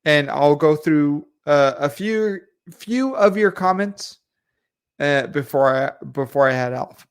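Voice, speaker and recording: Brief: male stream host, fairly high voice, blunt and profane, casual. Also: slow pace, clear, resonant tone. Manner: ranting, swears freely, laughs often. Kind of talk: casual livestream chat.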